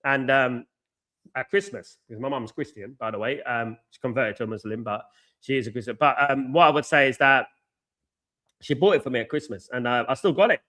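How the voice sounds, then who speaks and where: A man's voice: medium pitch, fairly quick, sharp tone. A man hosting a live football watchalong, ranting in a frustrated way, repeating himself often and filling gaps with ums. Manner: frustrated, repetitive ranting with many fillers. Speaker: host of a football fan channel. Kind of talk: live watchalong rant to viewers.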